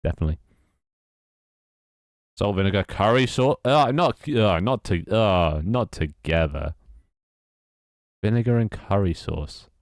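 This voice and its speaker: A young man with a British accent talks loosely and wryly as he works through tasks on his game. His voice sits low, and the sound is dry and close, with no room echo. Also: lively intonation, measured pace, pauses often. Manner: rambling, wry, self-mocking. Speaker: game developer streamer. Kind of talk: casual live-stream chat while working.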